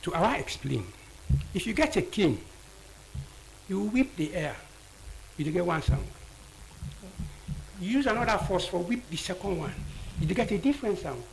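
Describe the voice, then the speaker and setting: A man's voice: sits high, sing-song, moderate pace, vocal fry, long pauses, a little hiss or hum, rough recording. A man with a Sierra Leonean Krio accent, an audiologist explaining ear health as a guest in a radio studio, often repeating key words.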